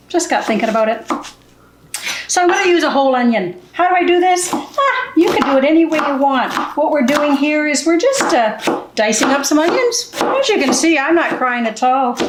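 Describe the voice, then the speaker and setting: Middle-aged lady doing a cooking vid in her kitchen, folksy and blunt, bit of room echo. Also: high-pitched. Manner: chatty, folksy and blunt, with asides to the viewer. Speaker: cooking show host. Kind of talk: casual cooking demonstration. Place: home kitchen. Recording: echoey kitchen with faint background noise.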